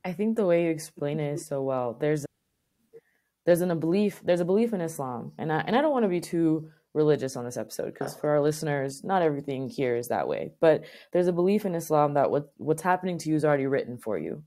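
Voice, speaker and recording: A woman's voice: low-pitched, animated, quick pace, dark tone. A woman co-hosting a podcast, speaking in a thoughtful, reflective casual way. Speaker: podcast co-host. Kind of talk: casual chat.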